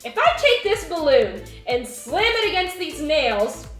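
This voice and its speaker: Animated woman teaching kids in an echoey room. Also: high-pitched, measured pace, faint music behind. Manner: animated, asks the kids questions. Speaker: children's teacher. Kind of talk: kids' object lesson.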